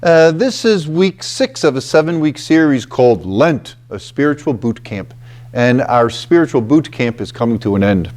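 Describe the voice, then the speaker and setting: A man giving a reflective scripture talk at a retreat house, deliberate and emphatic, often checking in with "okay" and "you know.". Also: mid-range voice, expressive, darkish tone.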